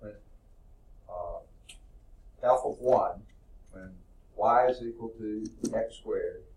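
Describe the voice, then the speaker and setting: Teaching math to a class, a middle-aged instructor keeps his lecture informal and folksy, thinking out loud and correcting himself. He speaks slowly at a fairly low pitch, with background noise in the recording.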